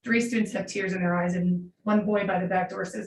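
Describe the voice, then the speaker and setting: A woman's voice: medium pitch, animated, a little fast, hardly any pauses, a little mellow. Brief: woman in her 40s, veteran teacher, heartfelt unscripted public comment, roomy hall sound, mic set back. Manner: earnest, heartfelt, unscripted storytelling. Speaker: middle school teacher giving public comment. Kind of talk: public comment at a school board meeting. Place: large meeting room. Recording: echoey room, distant mic, faint hiss.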